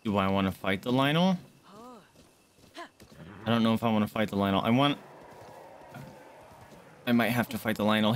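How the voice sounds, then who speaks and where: A young man streaming a game, chatting casually with viewers, excitable, swearing, jumping from hushed asides to loud outbursts. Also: lowish voice, normal speed, long pauses, a little hiss or hum. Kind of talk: casual gameplay commentary.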